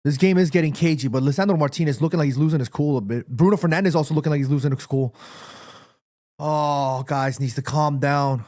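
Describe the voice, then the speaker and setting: A man commentating live on a football match for his stream, reacting excitedly and shouting at players. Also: on the high side, dry recording, clean studio sound. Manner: repeats himself, quick restarts. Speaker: watchalong streamer.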